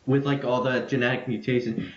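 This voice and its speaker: A young man hosting a casual podcast, excitable and rambling, quick to crack jokes. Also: medium pitch, a little hiss or hum. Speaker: podcast host. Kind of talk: casual chat. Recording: lo-fi, echoey room.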